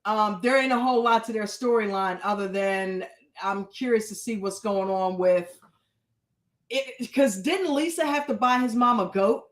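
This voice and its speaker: A woman's voice: medium pitch, normal speed, echoey room, low-quality recording. A woman hosting a casual reality TV recap, blunt and chatty, swearing freely. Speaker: reaction show host.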